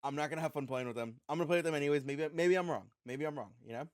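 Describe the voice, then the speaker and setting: A young man co-hosting a podcast, telling an animated, profane story in casual chat. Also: fairly high pitch, rapid-fire, no room sound, studio quality. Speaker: podcast co-host.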